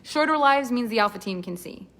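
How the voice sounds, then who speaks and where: A woman's voice: fairly high pitch, expressive, a little fast, fairly bright tone. A woman coaching voice acting in a live online class, talking in an enthusiastic, chatty, rambling way.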